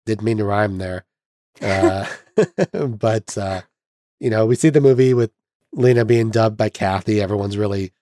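A man's voice: fairly low pitch, moderate pace, dark tone, no room sound, clean studio sound. A young man hosting a podcast, casually retelling a film's plot with chuckles and mock voices. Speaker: podcast host. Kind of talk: casual film recap chat.

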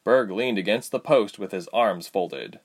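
A man's voice: lowish voice, unhurried. A man reading a fantasy story aloud as narrator.

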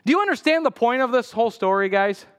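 A man preaching a sermon as pastor, telling a story with lively acted-out quotes and sudden loud cries. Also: quick pace, clean tone, big-room sound. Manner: animated storytelling, acts out quotes with sudden high outbursts. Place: church sanctuary.

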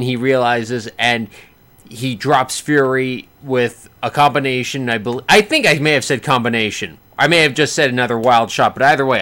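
A man casually recapping a boxing match he watched, rambling with many restarts and bursts of excitement. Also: mid-range voice. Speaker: boxing fan reviewing a fight.

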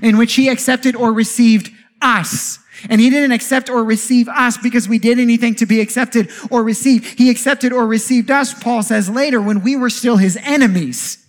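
A man preaching a sermon as pastor, animated, with jokey asides and rhetorical questions. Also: very high voice, normal speed.

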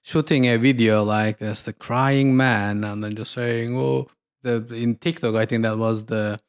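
A man co-hosting a casual podcast chat, talking in a halting way with frequent restarts and fillers. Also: mid-range voice, fairly even intonation, clean tone. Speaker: podcast co-host.

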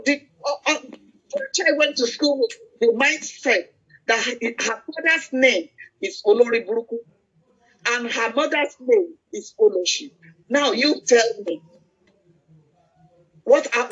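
A woman's voice: on the high side, breathy edge. An older woman, preaching in a conversational way and leading prayer, telling stories with many fillers and restarts. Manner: storytelling, halting with fillers and restarts. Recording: muffled lo-fi recording.

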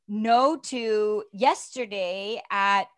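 A middle-aged woman telling personal stories as an interview guest, earnest and animated, often asking "right?". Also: mid-range voice, extremely slow, no room sound, clean studio sound. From Canada. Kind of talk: conversational storytelling interview.

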